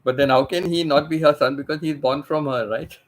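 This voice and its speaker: A man's voice: fairly high pitch, fairly even intonation, a little fast, poor audio. Rambling man in casual chat. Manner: repeats phrases, restarts sentences. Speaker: channel host. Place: living in Thailand.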